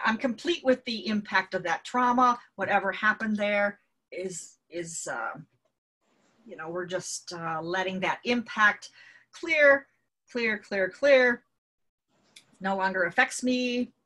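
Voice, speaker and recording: A woman's voice: medium pitch, sharp tone. A woman teaching a spiritual healing class in a casual, rambling way, with many fillers and restarts. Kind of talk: casual spoken lesson.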